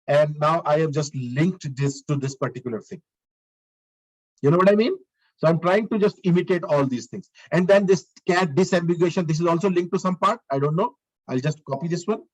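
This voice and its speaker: A male instructor leads a live online lesson, walking through markup step by step. His voice sits a little high. He restarts his phrases often and checks in with the class as he goes. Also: brisk, low-quality recording. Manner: talks through steps while working, repeats phrases, asks the class questions. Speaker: lecturer. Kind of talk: live online coding lecture.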